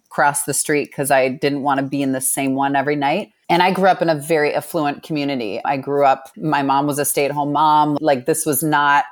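A woman in an interview, telling a candid personal story in a reflective, rambling way with many restarts. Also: low voice. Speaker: guest.

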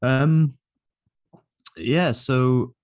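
A man's voice: mid-range voice, very slow, a little mellow, no echo. A young man co-hosting a comedy podcast, talking in a dry, tongue-in-cheek way with hesitant fillers. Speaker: podcast co-host. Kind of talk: casual comedic podcast chat.

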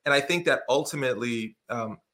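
A middle-aged man with a bright, forceful voice tells stories in a relaxed conversation. He slips into quick impressions of what others said, keeping his delivery lively. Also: medium pitch. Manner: animated storyteller, acts out quotes. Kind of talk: casual conversation.

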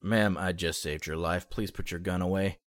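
A man playing a curt, stern male airplane engineer who speaks in a clipped, quietly threatening way. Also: low-pitched, fairly even intonation, normal speed, no echo, studio quality, pitched below the performer's own voice, close to an everyday voice. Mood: firm.

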